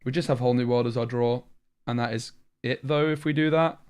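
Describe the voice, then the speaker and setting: A man's voice: mid-range voice, fairly even intonation, brisk, darkish tone, clear, resonant tone. Chatty young British man thinking aloud. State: tired after a long stream. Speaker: streamer. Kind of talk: live-stream commentary while playing a card game.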